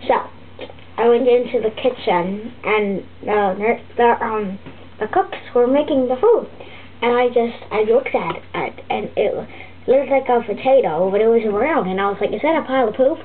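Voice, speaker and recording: A woman voicing a fussy, griping turtle puppet teacher, rambling and halting with many restarts. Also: a little high, natural voice. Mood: grumbling. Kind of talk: comic puppet vlog monologue. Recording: tinny lo-fi phone-like audio with faint hiss.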